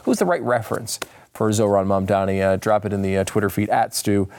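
A man hosting a political commentary show, tired and a bit hoarse, talking in a rambling way that often breaks off and restarts. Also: on the low side, brisk. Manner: rambling, self-interrupting, animated asides. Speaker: show host.

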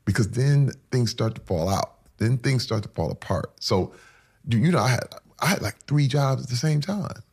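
A man's voice: mid-range voice, expressive, normal speed, creaky, a little mellow, slightly rough. A man being interviewed who speaks candidly and earnestly, telling heartfelt stories about his life. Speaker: interview guest.

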